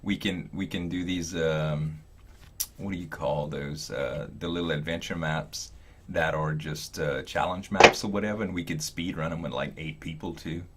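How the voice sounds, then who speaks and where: A man's voice: a bass voice, steady tone, normal speed, a crowd in the background. A man hosting a casual group podcast, laid-back and laughing often. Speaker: podcast host. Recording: live group call, overlapping voices.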